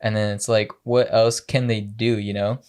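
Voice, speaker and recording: Low-voiced young man rambling a story. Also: little pitch movement, normal speed, darkish tone, clean tone. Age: young adult. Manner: rambling, heavy on fillers and quoted dialogue. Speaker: podcast co-host. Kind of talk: casual storytelling chat.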